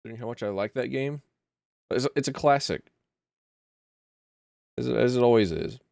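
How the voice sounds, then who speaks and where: A man's voice: mid-range voice, moderate pace, creaky, a little mellow, no room sound, clean studio sound. A man streaming a video game, chatting casually and rambling with jokey, self-deprecating asides. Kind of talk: casual gaming stream chat.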